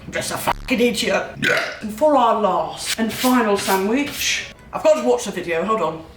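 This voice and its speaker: A woman in her twenties hosts a comedic cooking vlog in an expressive mid-range voice at a moderate pace, putting on a playful mock English accent. She adds cheeky, profane, self-mocking asides. The room is echoey, the mic sits at a distance, and there's background noise.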